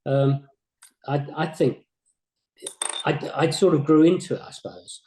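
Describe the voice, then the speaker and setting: An older man, a former games company boss, recalling his career in a modest, halting way, often repeating words. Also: on the high side, fairly even intonation, a little mellow, slight background noise. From England. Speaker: former games company CEO, interview guest. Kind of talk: reflective interview chat. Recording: roomy echo.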